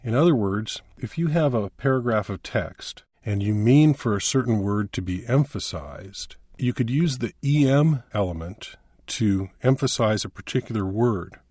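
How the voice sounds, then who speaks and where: Low-voiced man teaching a coding lesson. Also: animated, moderate pace, a little mellow, breathy edge, no echo, studio quality. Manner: plain step-by-step explaining. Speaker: instructor.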